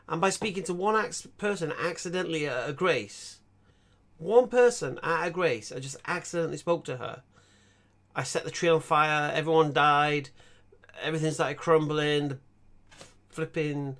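A man's voice: on the high side, moderate pace. A young man, chatting casually about games while streaming, rambling and stammering through restarts. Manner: rambling, stammering restarts, animated bursts of laughter. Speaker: gaming streamer. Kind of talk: casual gaming chat.

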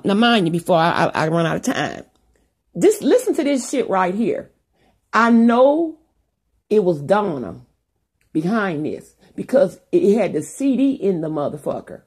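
Raspy gravelly lady ranting on her channel, voice swoops all over, rambly and cussing. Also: lowish voice, darkish tone. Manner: profane, rambling, many restarts and asides. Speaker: YouTuber. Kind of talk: rambling monologue to viewers.

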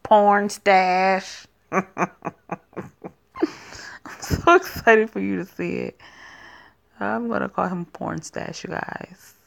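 Woman, casual game commentary, joking, profane asides, slow, gravelly. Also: medium pitch, a bit bright. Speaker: gaming channel host.

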